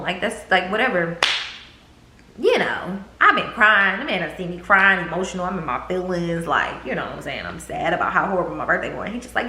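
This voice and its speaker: Young female vlogger, low-ish voice, candid storytime, echoey room, faint hiss. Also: expressive, fairly quick. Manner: candid, profane, drawling, quotes others in a raised voice. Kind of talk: casual storytime.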